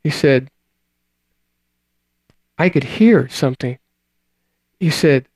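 Slow, halting preacher man. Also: a little high, lively intonation, a little mellow, no room sound. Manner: slow, halting delivery with repeated words. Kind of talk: sermon with scripture reading and testimony.

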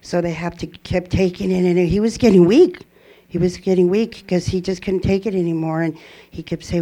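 Woman, church testimony, earnest and rambling, mellow tone. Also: fairly low pitch, steady tone, moderate pace. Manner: earnest, rambling, with frequent restarts. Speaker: church member giving a testimony. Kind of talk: personal testimony to a congregation.

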